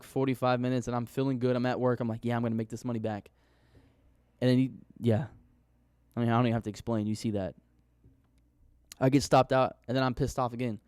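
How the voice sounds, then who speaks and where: A man's voice: medium pitch, darkish tone, smooth, dry recording, studio quality. A young man in a casual screen-share vlog, recapping his trades in a candid, rambling way and swearing casually. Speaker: forex trader vlogger.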